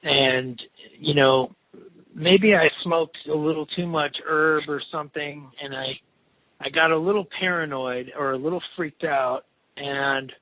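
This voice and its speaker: A man's voice: a little high, dry recording, rough recording. Male musician being interviewed, casual and loose, cursing freely, dry close sound. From Cleveland. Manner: rambling, animated, swears freely.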